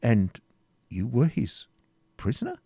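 A man's voice: medium pitch, wildly swooping pitch, slow, creaky, dark tone, breathy edge, dry recording, studio quality, voice pushed up, heavily acted. A man voicing a scheming courtly counsellor. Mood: alarmed. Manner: formal old-fashioned courtly speech. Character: scheming adult male royal counsellor, cool and calculating. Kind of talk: audiobook character reading.

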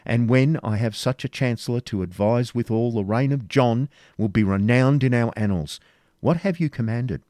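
A man's voice: medium pitch, normal speed, warm tone, dry recording, studio quality, pitched above the performer's own voice, natural voice. A man voicing a vain, imperious prince. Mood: lofty. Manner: commanding, indignant courtly speech. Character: vain, hot-tempered adult male prince, spoilt and imperious. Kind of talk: audiobook character reading.

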